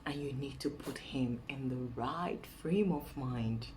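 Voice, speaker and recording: A young Nigerian woman with a Nigerian accent, giving chatty dating advice in a casual vlog and dropping into a soft coaxing voice to act out sweet talk. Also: very deep voice, slow, a little hiss or hum, poor audio.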